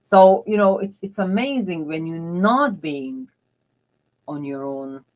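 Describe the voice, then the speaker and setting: A woman's voice: lowish voice, animated, takes it slowly, a little mellow, poor audio. A woman dating mentor telling personal stories in earnest, confiding non-native English with broken grammar. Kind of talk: motivational personal storytelling.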